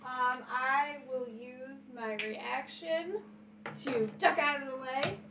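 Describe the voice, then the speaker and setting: A woman's voice: sits high, slow. A woman playing a tabletop game, speaking casually and hesitantly with many fillers. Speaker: player. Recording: echoey room, distant mic, noise.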